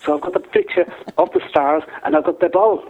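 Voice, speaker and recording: A man voicing a mischievous male gnome with a Welsh accent, calling in on the phone and rambling through a long tale in a gravelly, husky voice. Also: sits high, brisk. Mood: cheeky. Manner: rambling storyteller with sing-song rises and falls. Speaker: phone-in caller. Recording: tinny phone line.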